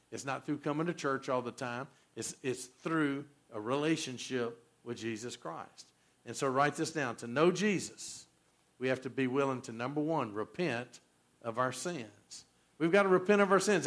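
Man, 60s, pastor, sermon, fairly high voice, storytelling, quizzes listeners. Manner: animated storyteller, quizzes the congregation.

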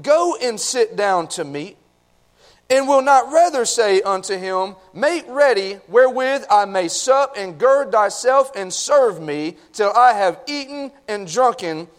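High-voiced pastor preaching slowly. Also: male voice. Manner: folksy, talks to the congregation with "y'all". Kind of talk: sermon with scripture reading and prayer. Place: church sanctuary.

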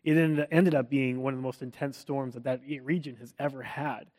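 A man's voice: medium pitch, steady tone, brisk, a little mellow. A man with a Canadian accent, preaching a sermon to his congregation in an earnest, conversational way. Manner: conversational, earnest storytelling with light laughs. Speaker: pastor.

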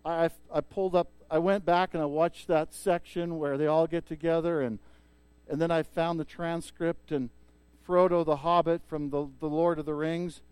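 A male pastor preaching a sermon and retelling a story in a lively way, with frequent restarts. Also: on the high side, moderate pace, clear, resonant tone, dry recording.

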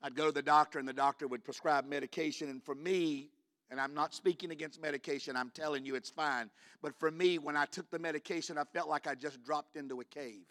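Man preaching in church, bright voice, slightly high, hushed then shouting. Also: steady tone, quick pace. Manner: shifts from hushed storytelling to shouted climaxes. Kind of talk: sermon.

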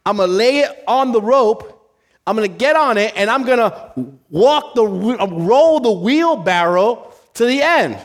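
A man voicing a showy tightrope performer who loudly announces his next daring stunt. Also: very high-pitched, lively intonation, unhurried, voice pushed up. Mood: boastful.

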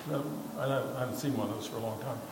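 A male pastor telling a story in a casual, halting sermon full of fillers and repeated words. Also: mid-range voice, noisy background. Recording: echoey hall with faint ambience.

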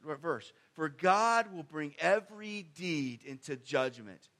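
A man preaching a sermon in a conversational style, with sudden emphatic swings in pitch and loudness. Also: animated, slow. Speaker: pastor.

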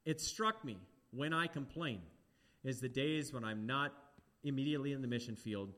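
A man preaching a sermon, animated and talking straight to the congregation with questions. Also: mid-range voice, moderate pace.

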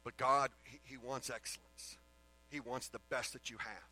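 A middle-aged man preaching a sermon as a pastor, swinging from loud emphatic declarations to quiet earnest asides. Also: medium pitch, steady tone, moderate pace, poor audio.

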